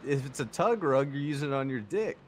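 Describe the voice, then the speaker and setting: A man's voice: mid-range voice, animated, a little fast, noisy background. A man teasing his teammates with crude jokes over voice chat, often laughing at his own lines. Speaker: teammate in an online racing session. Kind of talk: joking banter over voice chat.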